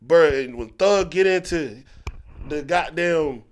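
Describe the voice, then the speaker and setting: A man co-hosting a casual podcast chat, talking in loose bursts that trail off and restart, jumping between loud emphasis and low mutters. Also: slow pace. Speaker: podcast co-host.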